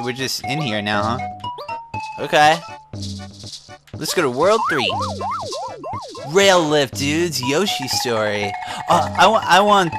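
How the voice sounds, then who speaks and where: A young man giving casual, excitable gameplay commentary to his viewers, with over-the-top reactions and calling them dudes. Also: medium pitch. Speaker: gaming YouTuber. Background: game music.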